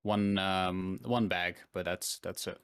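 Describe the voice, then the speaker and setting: A man's voice: low voice, steady tone, slow, clear, resonant tone, dry recording, studio quality. A man playing a tabletop game, speaking hesitantly with many ums. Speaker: player. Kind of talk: tabletop role-play.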